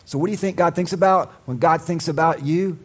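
A man preaching to a church audience in a fairly high voice for a man. He tells a personal story with animated acted-out quotes, then drops suddenly to a soft, quiet voice. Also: fairly quick, husky. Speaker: pastor. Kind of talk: sermon.

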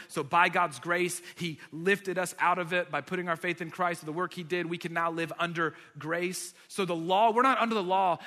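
A man with a high, bright voice preaches to his congregation, emphatic and energetic, rising to loud declarations. His voice rings out through a long church reverb. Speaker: pastor. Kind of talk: sermon. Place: church sanctuary.

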